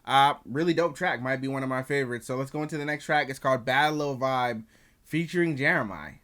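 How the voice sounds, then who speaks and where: A man's voice: medium pitch, brisk, a bit bright. A young man casually reviewing an album as he reacts to it, slangy and profane, with chatty asides to his viewers.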